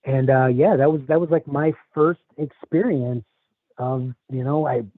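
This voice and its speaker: A man from the Chicago area telling a personal story in a halting, casual way, with many restarts. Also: mid-range voice, steady tone, no echo. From Chicago area, USA. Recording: tinny phone line, dry.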